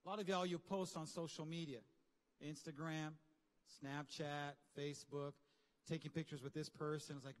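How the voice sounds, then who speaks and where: Animated high-voiced preaching man. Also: normal speed, in a large hall. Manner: animated, conversational preaching with slang and asides. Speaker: pastor. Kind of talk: sermon. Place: large church hall.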